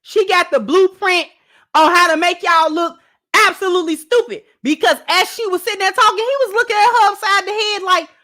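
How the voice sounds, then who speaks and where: A woman's voice: extremely high pitch, a little fast, pushed and bright. A woman host giving sassy, emphatic reaction commentary on a dating clip and talking straight to her viewers.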